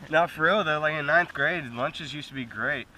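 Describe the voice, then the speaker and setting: A man's voice: on the high side, moderate pace, background noise. A teenage boy complaining dryly while chatting with friends outdoors in a park. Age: teens. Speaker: vlog co-host. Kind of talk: casual chat among friends.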